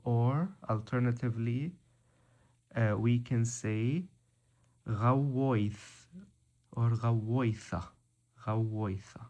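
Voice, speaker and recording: A man giving a language lesson, reading out words slowly and deliberately one by one. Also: medium pitch, darkish tone, highs cut off. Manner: slow, deliberate, spells out word by word. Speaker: language teacher.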